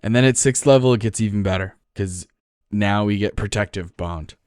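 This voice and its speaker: A man's voice: on the low side, moderate pace, darkish tone, clean tone, dry recording, studio quality. Enthusiastic man with a New Jersey accent. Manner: enthusiastic, swears casually. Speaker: podcast co-host. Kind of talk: casual explanatory chat.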